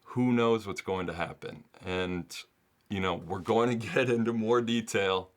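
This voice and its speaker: A man's voice: lowish voice, a little slow. A man hosting a sports channel, talking earnestly and casually on his own, often laughing in the middle of sentences. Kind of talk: casual solo commentary to camera. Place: home setup in the US.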